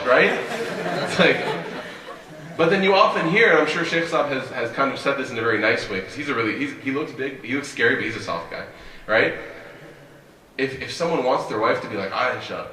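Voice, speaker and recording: A man delivers a lively religious lecture, telling the story at a quick clip and constantly turning to the audience with a rhetorical question. His voice is bright and forceful. It carries through a long-reverb hall, picked up from some distance. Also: mid-range voice, slight background noise. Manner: animated, keeps asking the audience "right?". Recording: echoey hall, voice from far off.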